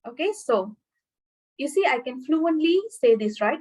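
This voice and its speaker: A woman from Malaysia giving an English-skills webinar lesson, often pausing with fillers and checking in with okay and all right. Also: high voice, expressive, a little mellow, poor audio. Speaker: English lecturer.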